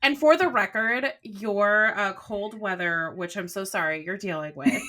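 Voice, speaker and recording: A bright, forceful-toned woman in her thirties co-hosts a podcast. She tells a story about her morning in a chatty, animated way, with a mid-pitched voice. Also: a little slow. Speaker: podcast co-host. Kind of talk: casual chat.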